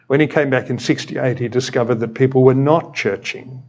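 A man's voice: medium pitch, brisk, a little mellow, lo-fi sound. An Australian man in his sixties preaching a sermon in a conversational way, with wry humorous asides. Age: 60s. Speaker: retired senior minister, preacher.

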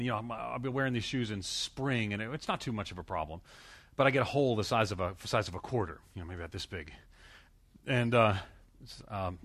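Man, middle-aged, sermon, folksy storyteller, lively pitch, from the United States. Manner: folksy storytelling with many restarts and fillers. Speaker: preacher.

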